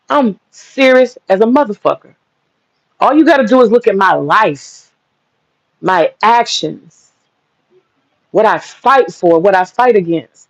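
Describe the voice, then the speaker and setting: Her voice sits a little high with lively intonation, though she speaks slowly, creakily and with frequent pauses. She's a livestream host ranting bluntly and heatedly, swearing a lot, captured in dull, dry lo-fi audio with no room sound.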